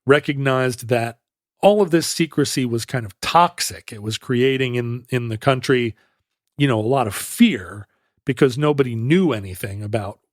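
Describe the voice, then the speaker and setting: A man's voice: mid-range voice, normal speed, dry recording. A man in the middle of his range talks through history on a casual podcast, circling back and fixing his phrasing as he goes. His voice sits close to the mic with no room sound at all. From United States. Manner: rambling, self-correcting, explanatory. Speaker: podcast co-host. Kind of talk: casual chat.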